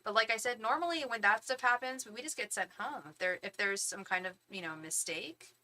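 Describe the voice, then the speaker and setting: Woman stream host, bright tense tone, chatty and animated, venting with quoted asides. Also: a little high, a little fast. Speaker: tarot reader hosting a live stream. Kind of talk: casual storytelling chat.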